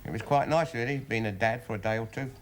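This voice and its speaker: An actor playing a bumbling, sheepish middle-aged husband, hesitant and stammering. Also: male voice, medium pitch, fast, lightly acted. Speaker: sitcom husband. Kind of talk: 1970s studio sitcom acting. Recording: noisy TV soundtrack.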